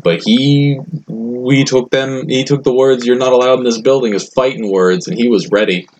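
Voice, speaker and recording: A man's voice: medium pitch, steady tone, moderate pace, low-quality recording. A young man co-hosting a casual podcast, telling a rambling story and acting out the people in it. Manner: rambling storyteller, acts out quotes loudly. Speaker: podcast co-host.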